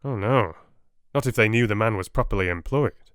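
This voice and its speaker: A man's voice: on the low side, normal speed, a bit bright, clean tone, dry recording, studio quality, close to an everyday voice. A man reading the lines of an anxious, impatient young Englishman in an audiobook, urgent and pressing.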